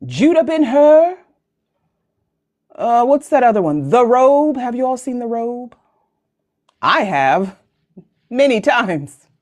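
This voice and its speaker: Woman, forties, American, moderator, chatty and joking, high voice, very lively pitch. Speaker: moderator of a live town hall. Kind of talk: casual livestream chat. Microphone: video call.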